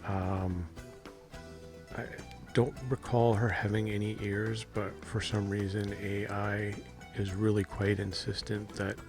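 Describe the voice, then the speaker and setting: A man with a drawl talks through his dreams in a loose, hesitant monologue, chuckling softly as he goes. His voice sits a little low. Faint music plays underneath. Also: little pitch movement, takes it slowly. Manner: rambling, hesitant, with soft laughs. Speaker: dream vlogger. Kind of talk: casual monologue to camera.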